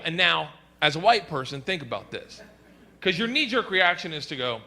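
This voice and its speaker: A man doing a stand-up set, telling stories loudly with shouted bits, on a noisy live stage recording. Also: on the high side, animated, fairly quick, vocal fry. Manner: loud, rowdy storytelling with shouted bits. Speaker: stand-up comedian.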